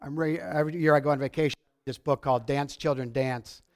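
An excitable male preacher with a high voice delivers a sermon in a church. He swings between fervent shouting and quiet, conversational asides. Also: fast talker. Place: church sanctuary.

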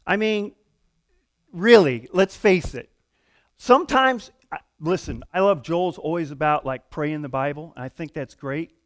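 A middle-aged man preaching a sermon in a conversational, animated way, going from hushed asides to loud outbursts. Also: on the high side. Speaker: pastor.

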